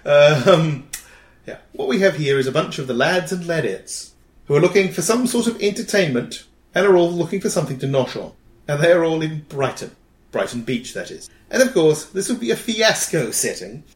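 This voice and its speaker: A man's voice: a little high, lively intonation, moderate pace. A man with a New Zealand accent hosting a casual podcast chat, reading out listener ideas with a wry, dry humour. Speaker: podcast host. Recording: roomy echo.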